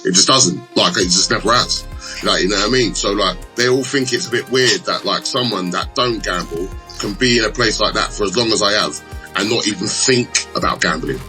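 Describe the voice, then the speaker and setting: Man, young adult, low pitch, bright tone, animated storyteller, faint background music. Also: fairly quick, low-quality recording. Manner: animated storyteller, acts out quarrels in raised voices. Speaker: betting shop assistant manager. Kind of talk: casual chat.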